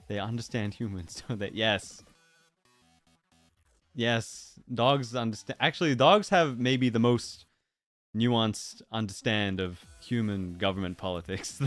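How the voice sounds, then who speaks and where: A man with a somewhat low voice talks casually to his livestream audience. He muses aloud in a playful, meandering way and slips into silly voices now and then. Faint music plays underneath. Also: a bit bright, no echo. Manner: musing, playful, drifts into silly put-on voices. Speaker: streamer.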